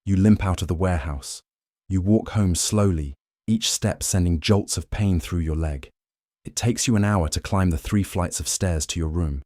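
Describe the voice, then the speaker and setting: A man narrating a bedtime history story in second person, calm and even. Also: deep voice, normal speed, no echo, studio quality.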